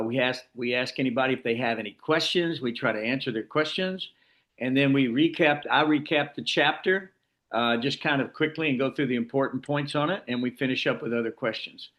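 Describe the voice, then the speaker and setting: A man's voice: medium pitch, brisk, fairly bright tone. Man, class leader, rambling, explanatory, informal discussion group. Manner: rambling, explanatory, frequent restarts.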